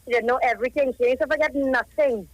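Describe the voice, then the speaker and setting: A woman's voice: sits high, fast talker, no room sound. Grieving Trinidadian woman on a phone call. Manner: grieving, rambling, emotional storytelling. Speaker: caller, cousin of a child who died. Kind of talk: live radio phone call. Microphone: telephone.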